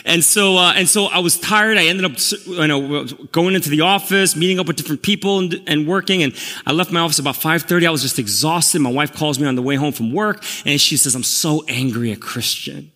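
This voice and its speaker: A middle-aged pastor telling a personal story in a sermon, candid and self-deprecating, growing animated. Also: male voice, on the high side, a little fast. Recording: long reverb of a large hall.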